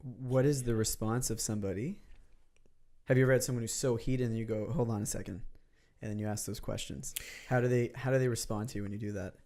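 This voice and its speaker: Fast-talking gravelly co-host. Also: male voice, medium pitch, steady tone, a little mellow. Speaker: podcast co-host. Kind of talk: casual podcast conversation.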